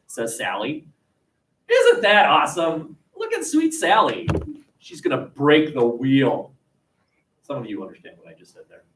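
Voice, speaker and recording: A man teaching a class, lively and joking, asking students questions. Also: on the high side, moderate pace. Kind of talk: classroom lecture. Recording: echoey classroom from far off.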